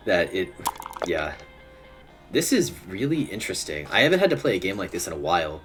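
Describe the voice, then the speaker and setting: A man's voice: low-pitched, big pitch swings, a little fast, fairly bright tone. A young man streaming, giving casual commentary while he plays, muttering to himself and chuckling often. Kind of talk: casual live gameplay commentary. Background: faint music.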